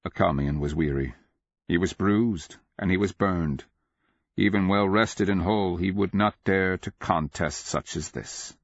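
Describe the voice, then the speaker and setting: A man narrating a fantasy audiobook in a measured, grave, deliberate way. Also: low voice, slightly rough, dry recording. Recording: dull lo-fi audio.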